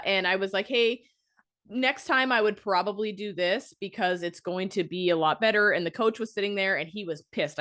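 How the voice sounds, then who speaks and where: Woman, podcast host, casual storytelling, blunt, swears, animated quotes. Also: mid-range voice. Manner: rambling, frank, swears, lively when quoting people. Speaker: podcast host and fitness coach.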